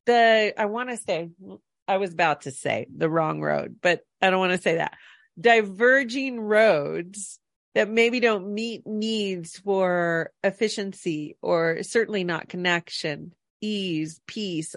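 A woman co-hosting a talk podcast, chatting through a meandering personal story. She talks in loose, rambling bursts and often corrects herself mid-sentence. Her voice sits at an ordinary pitch and sounds close and dry, with no room echo. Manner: rambling anecdotes with self-corrections. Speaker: podcast co-host. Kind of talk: casual storytelling chat.

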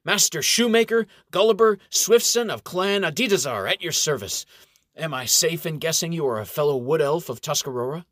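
A man voicing an older male wood elf shoemaker, brisk and courteous. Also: a little high, expressive, fairly bright tone, no room sound, clean studio sound, pitched above the performer's own voice.

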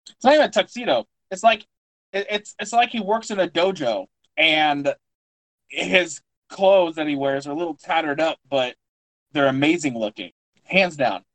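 A man's voice: a little high, normal speed, fairly bright tone, poor audio. Rambling man co-hosting a podcast. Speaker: podcast co-host. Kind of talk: casual chat.

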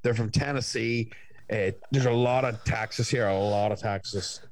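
A man's voice: on the low side, fairly even intonation, moderate pace, no room sound. A young man, telling stories in a casual chat and swearing often. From Ireland. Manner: storytelling, swearing, doing voices of others.

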